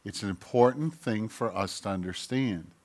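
A male pastor giving a sermon, reading scripture aloud with loud emphatic peaks and quiet asides, often clearing his throat and correcting himself. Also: on the low side, moderate pace.

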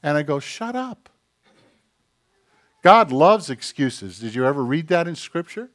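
A man preaching a sermon as a pastor, emphatic and direct, dropping into hushed tones when he voices other people. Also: fairly high pitch, animated, moderate pace.

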